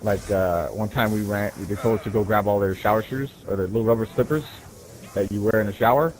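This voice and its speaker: Male gamer, low voice, casual profane storyteller, rambling, chatty. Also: brisk, darkish tone, poor audio. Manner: profane, rambling, keeps asking "right?". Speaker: gamer telling stories while playing.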